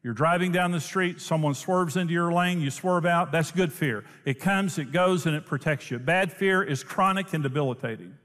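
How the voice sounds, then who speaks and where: A man preaching a sermon, telling a story in an animated way and laughing often. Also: on the high side, normal speed, hardly any pauses. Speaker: pastor. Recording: long hall reverb.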